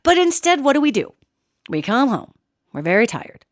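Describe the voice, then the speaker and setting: A middle-aged woman delivers a solo podcast monologue, animated and emphatic. Her voice sits a little high and swoops widely in pitch. The sound is dry and close, with no room echo. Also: normal speed. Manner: animated, emphatic, addresses listeners as "gang". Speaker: podcast host.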